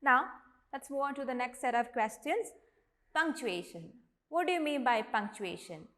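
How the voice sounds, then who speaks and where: A woman teacher with an Indian English accent, giving an online lesson and sounding out each word slowly and deliberately. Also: sits high, lively intonation, fairly bright tone. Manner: slow, deliberate, models each word aloud.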